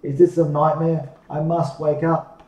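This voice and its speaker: A man's voice: on the high side, flat delivery, a little slow, darkish tone, far from the mic, lightly acted. A man voicing a frightened young boy, tearful and pleading, recorded off-mic in an echoey room. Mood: fearful.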